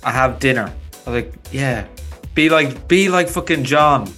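A man's voice: mid-range voice, expressive, normal speed, sharp tone, faint music behind. A man co-hosting a casual podcast, rambling easily through answers and swearing now and then. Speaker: podcast co-host.

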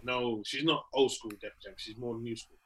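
A man's voice: mid-range voice, steady tone, moderate pace, crowd noise. A young British man, a comedian, chatting casually and teasing his friend with mock bits. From Britain. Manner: playful, teasing, drops into mock voices. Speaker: comedian podcast co-host. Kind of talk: casual chat.

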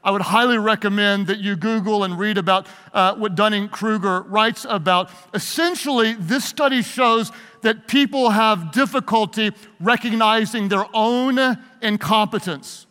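A man's voice: high voice, moderate pace, few pauses, pushed and bright, clear, resonant tone. A man, a pastor, giving a leadership talk to a live audience, playful and emphatic, leading them in call-and-response. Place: large hall with an audience. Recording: long hall reverb.

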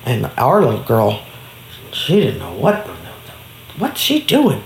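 A woman's voice: a bass voice, wildly swooping pitch, slow pace, creaky, roomy sound, slight background noise. A woman telling an improvised story, acting out voices and sound effects. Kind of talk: improvised bedtime story narration.

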